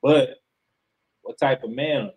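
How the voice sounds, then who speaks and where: Casting: male sports podcast co-host, mid-pitched, emphatic and blunt, swears freely. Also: slow pace, a little mellow, low-quality recording. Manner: emphatic, profane, opinionated. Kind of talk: casual sports chat.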